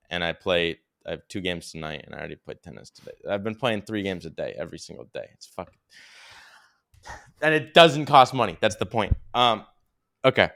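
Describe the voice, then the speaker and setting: Deep, smooth-voiced rambling young man. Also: fairly bright tone. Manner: rambling, swears freely, lots of "dude" and "like". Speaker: podcast co-host. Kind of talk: casual storytelling chat.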